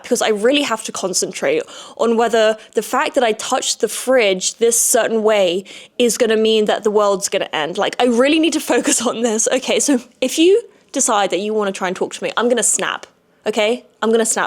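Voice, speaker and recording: A young woman hosting a podcast, talking candidly and rambling in a frank personal monologue, swearing freely. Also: a little high. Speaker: podcast host.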